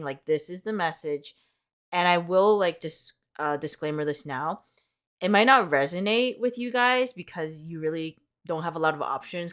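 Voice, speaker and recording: A young woman reading tarot in a casual, rambling vlog, upbeat and full of "like" fillers. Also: low-pitched. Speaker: tarot reader.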